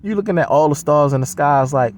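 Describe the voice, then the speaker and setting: A man's voice: on the high side, fast talker, darkish tone, a little hiss or hum. A man delivering a blunt, heavily profane, scoffing solo rant. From United States.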